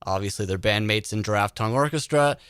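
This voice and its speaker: A man hosting a podcast, telling an animated story in a casual chat. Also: lowish voice, quick pace, smooth, no room sound, studio quality. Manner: animated storyteller who acts out quoted voices. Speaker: podcast host.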